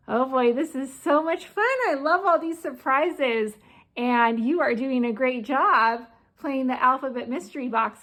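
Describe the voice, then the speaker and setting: A woman teaching small children letter sounds in a slow, sing-song voice. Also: sits high, fairly bright tone. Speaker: preschool teacher. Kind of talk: children's phonics lesson.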